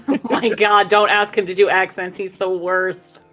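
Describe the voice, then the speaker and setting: A woman's voice: medium pitch, fairly even intonation, measured pace, fairly bright tone, faint music behind. A woman co-hosting a podcast, teasing and exasperated by the others. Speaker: podcast co-host. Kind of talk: casual chat.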